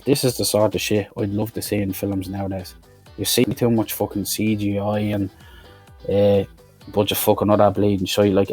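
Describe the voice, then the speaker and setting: A man's voice: lowish voice, darkish tone. A man giving a blunt, swear-heavy review of an action film, talking casually and with exasperation. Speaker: movie reviewer.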